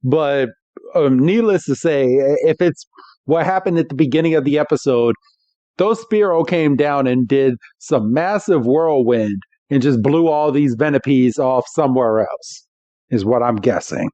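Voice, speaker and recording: A man co-hosting a podcast, telling what happens in an episode in loose, relaxed talk full of fillers. His voice is warm and mellow, with a dry, close sound and slightly dull audio. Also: mid-range voice, a little slow, dry recording. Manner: relaxed storytelling with frequent fillers. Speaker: podcast co-host. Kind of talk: casual episode recap.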